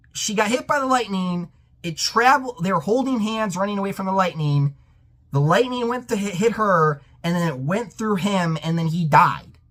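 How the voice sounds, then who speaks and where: A man giving a profane, exasperated ranting film review that breaks into sudden yelled outbursts. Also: high voice. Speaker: movie reviewer.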